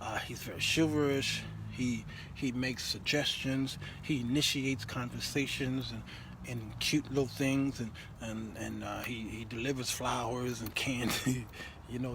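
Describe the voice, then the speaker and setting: A middle-aged man hosting a talk show, telling stories in an animated, laughing way and often repeating himself. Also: medium pitch, moderate pace, background noise. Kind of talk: comedic storytelling monologue.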